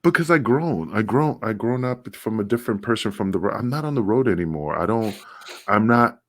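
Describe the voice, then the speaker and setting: Deep-voiced blunt middle-aged man. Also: expressive, brisk, no echo, clean studio sound. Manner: blunt, emphatic, swears freely, frequent restarts. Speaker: podcast co-host, former wrestler. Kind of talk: casual podcast conversation.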